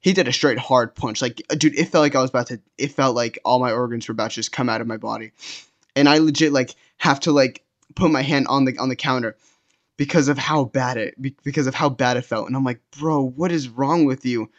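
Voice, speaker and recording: A man's voice: medium pitch, fast talker, lo-fi sound. Rambling young guy telling a story. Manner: rambling, filler-heavy, many restarts. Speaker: storytime vlogger. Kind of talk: casual storytelling.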